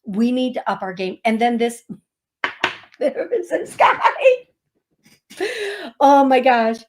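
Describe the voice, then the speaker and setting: Slow, chatty woman radio host. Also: on the high side, expressive, noisy background. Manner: chatty, laughing storyteller. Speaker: psychic medium radio host. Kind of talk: casual chat. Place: radio studio.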